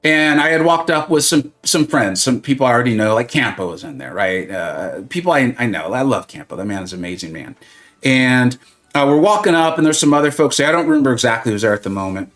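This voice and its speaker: A man's voice: mid-range voice, quick pace. A middle-aged man from Southern California, chatting casually and rambling on a gaming livestream with plenty of fillers. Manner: rambling, animated storytelling with many fillers and restarts.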